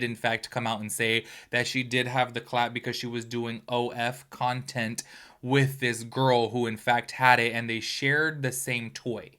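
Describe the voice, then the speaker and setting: A man's voice: mid-range voice, bright, forceful tone. A man hosting a gossip commentary video, talking animatedly with exclamations and apologetic asides to his viewers. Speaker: commentary YouTuber host.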